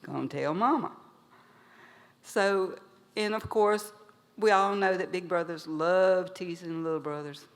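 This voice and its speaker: A woman storyteller telling a traditional animal tale to a live audience, animated and lively. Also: on the low side, unhurried, long pauses. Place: museum event hall. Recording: long hall reverb.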